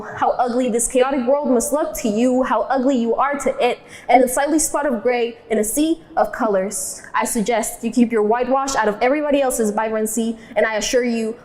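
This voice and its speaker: A young woman performs spoken word poetry with a defiant, rhythmic delivery, switching between English and Spanish lines. Her voice sits high and is a little mellow.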